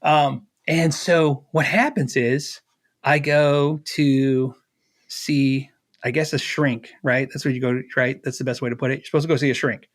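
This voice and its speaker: A man's voice: medium pitch, fairly even intonation, normal speed. A middle-aged man, a guest on an interview, telling a personal story casually, acting out the dialogue with fillers and laughs.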